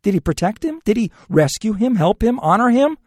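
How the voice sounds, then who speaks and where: A man preaching a sermon in an earnest, pleading way, often dropping low and soft on key words. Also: very animated, brisk, no echo, studio quality.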